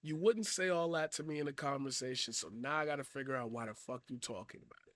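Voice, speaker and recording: A man giving a profane, blunt commentary rant, swinging from loud shouting to quiet earnest talk. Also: medium pitch, quick pace, no echo. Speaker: commentary streamer. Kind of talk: ranting commentary.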